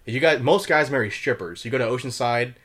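A man's voice: medium pitch, fairly quick, a bit bright. A young man and former Marine, chatting casually as a podcast guest, rambling through stories with lots of fillers and swearing. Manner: swears a lot, rambling storytelling with many fillers.

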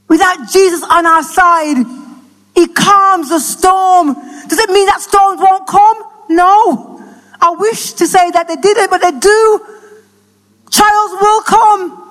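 Her voice very high, a female preacher grows more and more impassioned until she's shouting, her sermon echoing around a church hall.

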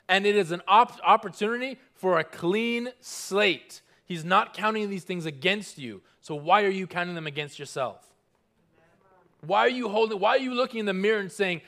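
A man preaching a sermon, earnest and emphatic, repeating key phrases and slowing down when he reads scripture. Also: high voice, lively intonation, pushed and bright. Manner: earnest, emphatic preaching with repetition and audience call-and-response; slows down on scripture, stressing single words. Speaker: pastor.

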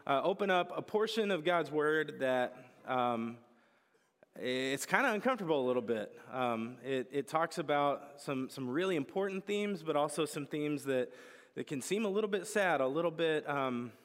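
A man's voice: a little high, expressive, moderate pace. A young male pastor preaching a casual, joking sermon with lots of storytelling. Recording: reverberant hall.

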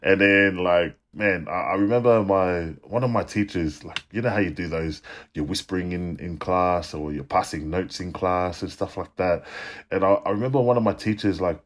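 A middle-aged man with a very low, deep voice, chatting on a podcast. He sounds laid-back and reflective, with plenty of easy fillers between his thoughts. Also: normal speed. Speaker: podcast co-host. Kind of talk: casual chat.

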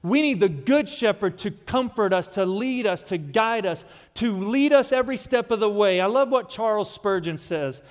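Man, pastor, sermon, high voice, emphatic, drawn-out key phrases, long church reverb. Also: expressive. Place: church sanctuary.

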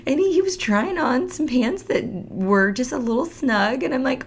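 Animated, gravelly-voiced woman in casual talk. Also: normal speed. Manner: animated, acts out quoted voices with big pitch jumps. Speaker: podcast co-host. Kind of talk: faith-based casual conversation.

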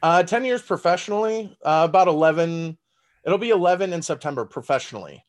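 A man's voice: sits high, animated, a little fast. A man with a Southern accent, a stand-up comedian in casual podcast chat who laughs often and talks loosely with lots of fillers and swearing. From Texas.

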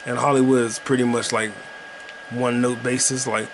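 A man rambles through casual, profane commentary while he plays a video game. His pitch sits in the middle of the male range. A faint hum runs underneath. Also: level tone, normal speed. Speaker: podcast host playing a video game.

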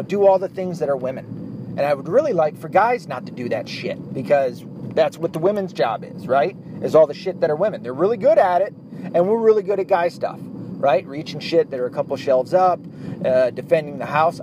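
Profane, blunt dad rambling outdoors. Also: male voice, fairly high pitch. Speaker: dad vlogger. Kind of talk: casual monologue to camera. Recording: outdoor traffic noise behind.

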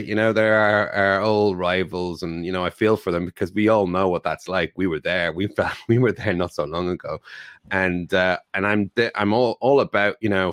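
A man's voice: low-pitched, fairly bright tone, no room sound, studio quality. A man on a football podcast, talking in a rambling, emphatic way with many restarts. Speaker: podcast panelist. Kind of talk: casual football chat.

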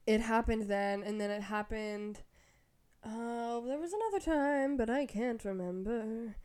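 A woman's voice: fairly high pitch, a little slow, darkish tone, clean tone. A young woman co-hosting a podcast, telling stories in casual chat with frequent laughs. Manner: chatty, laughing storyteller. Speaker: podcast co-host.

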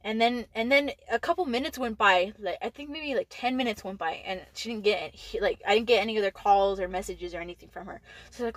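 A woman's voice: mid-range voice, a bit bright, no echo. A teenage girl casually telling a story to her boyfriend, swearing and laughing often. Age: teens. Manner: laughing, swearing, fast story with lots of likes. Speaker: podcast co-host.

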